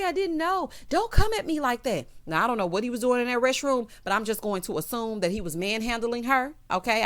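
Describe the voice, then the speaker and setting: A woman hosting a reality TV recap, telling it like a story with sassy, animated commentary and acted-out quotes. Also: mid-range voice. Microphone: voice-over without camera.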